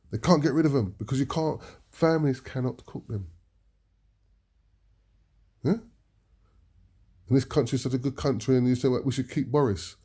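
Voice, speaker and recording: A man's voice: medium pitch, mellow, slightly rough. A British man talking as a preacher, making emphatic points to his listeners and often ending them with a questioning "yeah?". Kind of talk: impassioned talk to an audience.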